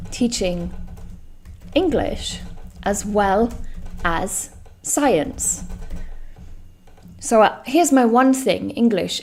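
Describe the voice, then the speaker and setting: A woman teaching a live online English lesson, speaking clearly and stressing each example word. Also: medium pitch, a little mellow. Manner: slow, clear and emphatic, stresses example words.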